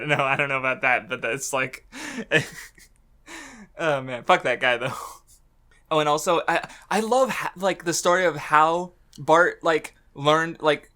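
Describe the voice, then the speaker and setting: A man's voice: fairly high pitch, pushed and bright. A man co-hosting a podcast in casual chat, rambling with fillers, laughing often and swearing freely. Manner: rambling with many fillers and restarts. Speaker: podcast co-host.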